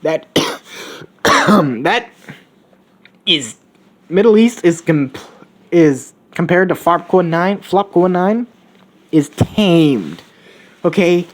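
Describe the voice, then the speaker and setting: A man's voice: sits high, expressive, extremely slow, long pauses, voice pushed up, full character voice. A man voicing a brash, cynical young male hero in a Rick-like manner, rambling and crude, recorded on a phone. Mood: ranting. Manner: crude, rambling, coughs between lines.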